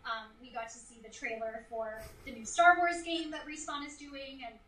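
A woman's voice: sits high, steady tone, moderate pace, a bit bright, recorded from a distance. A woman, a voice actress, chatting enthusiastically as a guest in a casual interview. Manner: enthusiastic, gushing. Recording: echoey room, somewhat off-mic.

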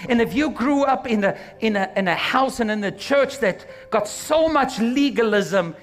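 Animated pastor man preaching. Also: high-pitched, normal speed, few pauses, soft background music. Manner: exhorting, calls for amens; animated, slips into quoted voices. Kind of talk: sermon.

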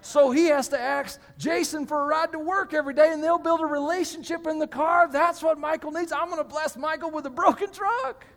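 A man's voice: very high-pitched, expressive, fast, hardly any pauses, fairly bright tone, pitched above the performer's own voice. A male pastor voicing God with a Southern drawl, fond and wry about a man in his congregation. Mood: amused.

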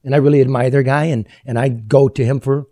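A man hosting a talk show, chatting casually and making jokey, rambling sponsor pitches. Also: fairly even intonation, fast talker, dark tone. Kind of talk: casual talk show chat with live ad reads.

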